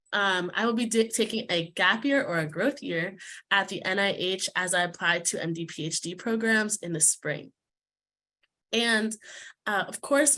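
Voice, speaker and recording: A woman's voice: lowish voice, pushed and bright. A young woman giving a heartfelt, slightly emotional prepared talk as a student speaker. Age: young adult. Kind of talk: prepared speech.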